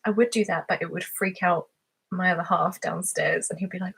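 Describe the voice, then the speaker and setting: A woman's voice: lowish voice, fairly even intonation, brisk, gravelly, husky. A woman hosting her ASMR channel's live stream who chats casually, reads out viewer comments and giggles often. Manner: chatty and giggly, laughs often.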